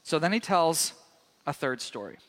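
A man preaching with a high, bright voice. He tells the story with animation, jumping into the characters with sudden loud outbursts. His voice carries through a large hall with a long, echoing reverb. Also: sing-song, normal speed. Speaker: pastor. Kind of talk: sermon.

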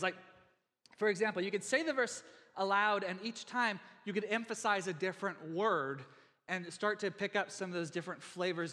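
A man preaching a sermon to his church in a relaxed, conversational way, with many fillers and restarts. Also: high voice. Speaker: pastor. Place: church sanctuary. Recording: long hall reverb in a church.

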